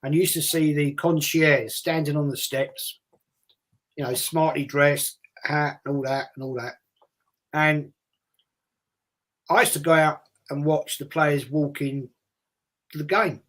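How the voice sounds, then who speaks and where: An older English man with a London accent, hosting a casual chat, tells rambling childhood anecdotes and voices the characters himself. His voice sits on the high side with a fairly bright tone, fairly even intonation, and a measured pace broken by long pauses.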